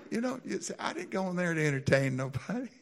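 A man preaching a sermon, telling stories with lively, animated delivery that climbs to excited peaks. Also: quick pace, gravelly. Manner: animated storytelling, builds to high excited peaks, laughs often. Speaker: pastor.

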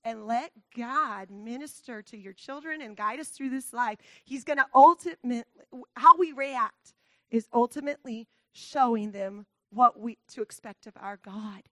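A woman's voice: fairly high pitch, moderate pace, a bit bright, no echo. A woman giving an earnest talk to a church congregation, laughing often and growing tearful at times. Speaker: church speaker.

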